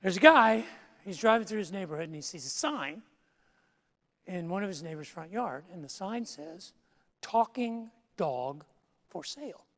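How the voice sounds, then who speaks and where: A man's voice: high-pitched, expressive, normal speed, fairly bright tone. A male pastor preaching a sermon, telling jokes in a playful, self-mocking way in a large church sanctuary. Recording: long church-hall reverb.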